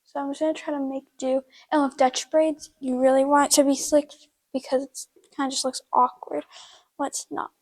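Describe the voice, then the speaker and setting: High-voiced woman giving a casual how-to. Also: level tone, normal speed, darkish tone, rough recording. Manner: chatty, lots of "like" fillers, talks while working. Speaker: horse-care video host. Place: horse barn.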